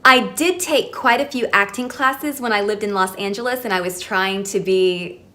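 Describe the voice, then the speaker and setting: A woman's voice: mid-range voice, moderate pace, bright, forceful tone. A woman chatting to her camera at home, giving a casual beauty product review in a chatty, self-deprecating way. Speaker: beauty vlogger. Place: at home filming herself. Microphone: camera mic, facing the lens.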